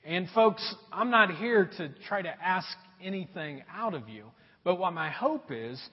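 A male pastor preaching in a relaxed, storytelling way, with jokes mixed in. His voice sits high and has a husky grain. The recording is dull and carries a long echo from the sanctuary. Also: a little slow. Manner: conversational, joking storyteller. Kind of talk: sermon.

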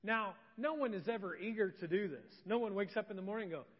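A pastor preaching a sermon, telling stories and dropping from loud to soft and intimate. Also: male voice, high voice, quick pace, hardly any pauses, in a large hall, highs cut off, background noise. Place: church sanctuary.

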